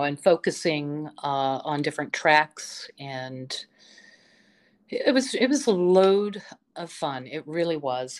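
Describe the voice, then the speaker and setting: A woman with a low voice tells stories as a guest on an interview podcast. She speaks slowly and with enthusiasm, filling her pauses with frequent ums and you-knows. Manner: enthusiastic storytelling, full of fillers. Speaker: vocal instructor, interview guest. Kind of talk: casual interview chat.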